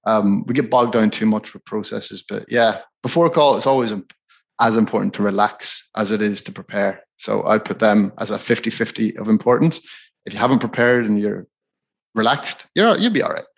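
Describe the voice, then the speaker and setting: A man with a low, gravelly voice that sinks into vocal fry, co-hosting a podcast. He hands out sales tips in a relaxed, rambling, conversational way. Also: normal speed. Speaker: podcast co-host. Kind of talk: casual podcast chat giving sales advice.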